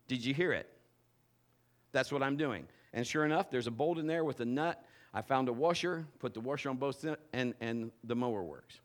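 A male pastor with a slightly higher voice preaches to a live congregation. He tells a homely story full of restarts and wry self-mockery, and his delivery climbs when he makes his point. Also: moderate pace. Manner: animated storyteller, restarts, self-mocking humor. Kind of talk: sermon with a personal story. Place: church before a congregation.

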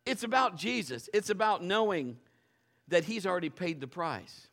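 A man preaching a sermon as pastor, acting out stories and swinging from hushed tones to shouts. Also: high voice, lively intonation, normal speed. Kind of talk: sermon with personal storytelling.

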